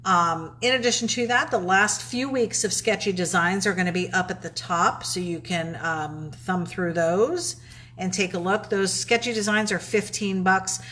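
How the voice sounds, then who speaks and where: A woman's voice: medium pitch, normal speed, fairly bright tone, slight background noise. A woman with a Southern accent, co-hosting a casual live stream, chatting, plugging shirts and reading viewer comments aloud. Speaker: co-host of a live drawing stream.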